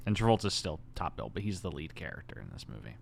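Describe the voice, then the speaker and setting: A man co-hosting a casual podcast, recapping a film in an animated, storytelling way with frequent laughter. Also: a bass voice, fast talker, creaky. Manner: animated storytelling, acts out quoted lines with silly voices; laughs often. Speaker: podcast co-host. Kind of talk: casual chat.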